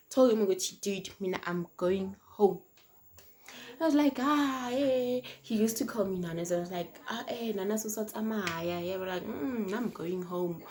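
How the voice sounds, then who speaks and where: A young South African woman telling a casual storytime on her vlog, animated and slangy, swinging between loud and hushed. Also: fairly low pitch. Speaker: vlogger. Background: faint noise from outside.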